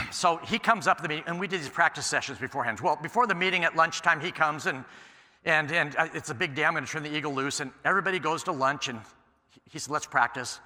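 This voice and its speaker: A man giving a conference keynote, telling stories in an animated way and acting out the dialogue. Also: a little high, fast talker. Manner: animated storyteller, acts out quoted exchanges. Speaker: keynote speaker. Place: large conference hall. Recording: echoey hall sound.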